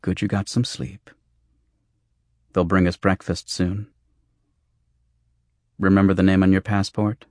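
A man's voice: deep voice, level tone, unhurried, long pauses, a little mellow, dry recording, clean studio sound. A man reading a curt, hard-bitten woman. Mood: firm and curt. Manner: curt, firm. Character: brisk, hard-bitten woman taking charge.

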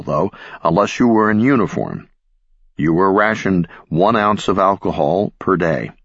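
A man narrating an audiobook in a measured, expressive storytelling manner. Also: low voice, slightly rough, dry recording, lo-fi sound. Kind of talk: scripted narration.

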